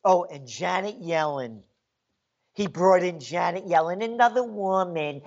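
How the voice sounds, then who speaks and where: Sarcastic ranting man, slow and high. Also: lively intonation, a little mellow, highs cut off. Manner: sarcastic, angry, mocking. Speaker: political commentator. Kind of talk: ranting monologue.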